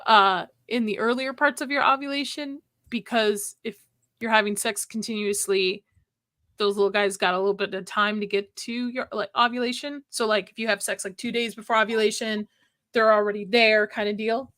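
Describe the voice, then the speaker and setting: A woman in casual podcast chat, blunt and quick to laugh while explaining things. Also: mid-range voice, fairly even intonation, fairly bright tone, no room sound.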